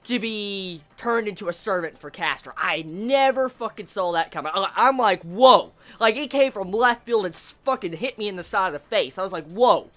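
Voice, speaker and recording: A woman's voice: mid-range voice, fairly bright tone. A woman giving a casual ranting review, exasperated, stammering and swearing a lot. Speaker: anime reviewer.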